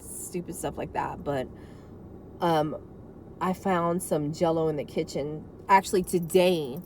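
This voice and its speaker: Her lowish, slightly mellow voice carries a bit of hiss or hum as this vlogger talks from her car about being a caregiver. The unscripted account is candid and emotional, wandering off into many asides.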